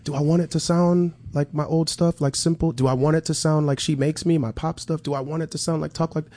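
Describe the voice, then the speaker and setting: A man's voice: fairly high pitch, steady tone, a little fast, darkish tone. A man being interviewed as a musician, talking in a loose, casual way with many fillers and restarts. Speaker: musician guest.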